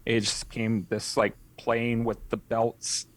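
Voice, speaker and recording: A young man tells a story as a podcast guest in a loose, rambling way. He restarts and corrects himself often. His voice sits at an ordinary middle pitch. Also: monotone, takes it slowly. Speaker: podcast guest, haunt scare actor. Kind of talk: casual interview storytelling.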